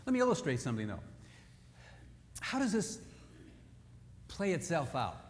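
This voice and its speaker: A high-voiced male preacher delivers a sermon full of animated, humorous stories. His voice carries a long hall reverb. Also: normal speed, long pauses.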